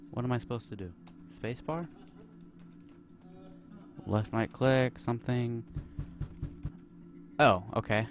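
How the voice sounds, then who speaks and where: A young man giving nervous, rambling commentary while playing a horror game, full of fillers. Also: fairly low pitch. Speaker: gameplay commentator. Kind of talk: let's play commentary.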